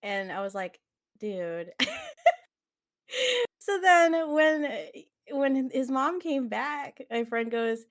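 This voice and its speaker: Young woman, podcast co-host, relaxed storyteller, laughs through her anecdotes. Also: high voice, slow pace, pauses often. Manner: storytelling with frequent laughs and fillers. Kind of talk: casual chat.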